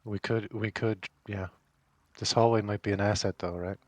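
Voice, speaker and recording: A man's voice: fairly low pitch, fairly even intonation, normal speed, no room sound. A man playing a tabletop game, planning tactics in a laid-back, dry way. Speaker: player. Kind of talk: casual tabletop game chat.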